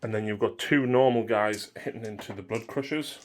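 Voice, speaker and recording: A man's voice: lowish voice, fairly quick, a little hiss or hum. A man playing a tabletop wargame, methodically talking through rules and dice rolls in casual commentary. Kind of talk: casual commentary over a game.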